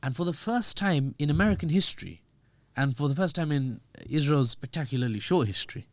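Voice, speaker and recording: A man, a podcast guest giving lively, joking political commentary. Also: on the high side, brisk, no echo. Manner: animated, joking, acts out quoted voices.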